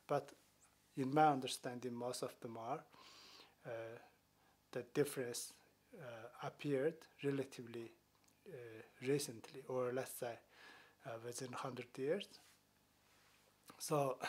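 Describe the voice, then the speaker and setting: A man's voice: mid-range voice, a little mellow, husky. Hesitant man teaching a language class. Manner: hesitant, many "uh" fillers and restarts. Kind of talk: explanatory lesson talk.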